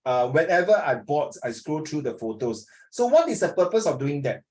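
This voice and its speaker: A man's voice: fairly high pitch, big pitch swings, moderate pace, a little mellow. A man with a Singaporean accent teaching a class, joking with his students and quizzing them. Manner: joking, asks students questions, mixes in Mandarin. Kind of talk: classroom lesson.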